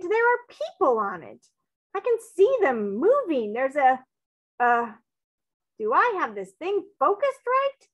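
A woman voicing a flustered, blustering male ship captain who exclaims excitedly. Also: sits high, dull audio, voice pushed up, exaggerated voice.

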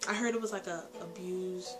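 A reaction vlogger with a fairly low, fairly level voice talks at a moderate speed while responding casually to a music video. She's chatty and full of exclamations, frequently dissolving into laughter as the song plays in the background.

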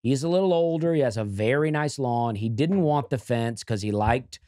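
A man's voice: mid-range voice, normal speed, dark tone, no echo, clean studio sound. A man, a comedian guest on a podcast, telling a story in a laid-back, casual chat.

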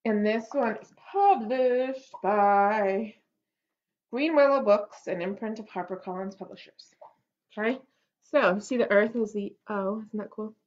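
A woman reading a picture book aloud to a child at a library story time, gently and encouragingly, with little gasps at the pictures. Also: medium pitch, unhurried, lo-fi sound.

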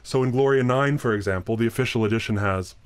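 A man's voice: mid-range voice, fast talker, smooth, dry recording. A man giving a recorded lecture on chant. He explains plainly, often restarts his sentences, and now and then sings short examples. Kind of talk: recorded talk.

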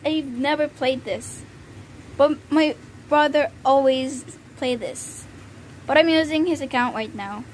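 A woman's voice: sits high, unhurried, low-quality recording. A young woman from the Philippines chatting casually while playing a video game, easily flustered. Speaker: gamer. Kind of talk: casual gameplay commentary. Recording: faint background noise.

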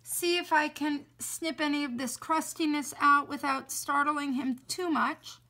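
A middle-aged woman dog trainer demonstrating how to clean a dog at an indoor sink, talking in a calm, soothing way. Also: high-pitched, a little slow.

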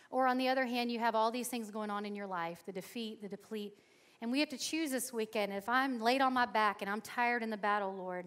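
A young adult woman from Florida preaching a sermon at a conference, telling stories with sudden loud emphasis. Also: fairly high pitch. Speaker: conference speaker. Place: conference hall.

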